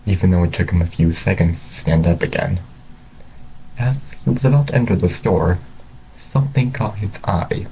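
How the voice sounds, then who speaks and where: A man's voice: lowish voice, warm tone, a little hiss or hum, poor audio. A man reading a fan story aloud, who stumbles and repeats words as he goes. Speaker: story reader.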